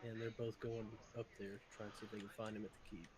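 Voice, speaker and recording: A man's voice: on the low side, little pitch movement, fast, crowd noise. A man playing at a streamed tabletop game, easygoing and casual as he explains his character. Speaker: player.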